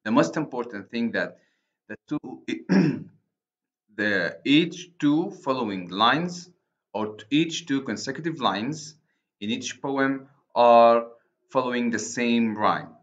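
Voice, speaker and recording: A man with an Arabic accent giving a recorded university lecture on poetry, speaking haltingly and correcting himself often. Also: medium pitch, animated, fairly bright tone. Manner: slow, halting, many restarts and self-corrections. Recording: dull lo-fi recording.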